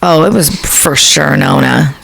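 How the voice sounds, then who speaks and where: A woman's voice: low voice, a little slow, creaky, fairly bright tone, slightly rough, dry recording, poor audio. A woman co-hosting a podcast in casual chat, blunt and swearing freely. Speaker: podcast co-host.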